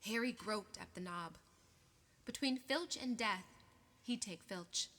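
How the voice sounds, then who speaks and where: A woman narrates an audiobook in a measured, expressive reading. Her voice is bright and sits fairly high, and she keeps an unhurried pace. A long reverb trails each line. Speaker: audiobook reader.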